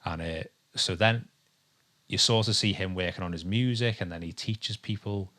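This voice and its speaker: At a normal speed, an Englishman with a low, a bit bright voice chats casually as a podcast co-host. There's a dog nearby at home, and he drifts through his thoughts with ums and restarts.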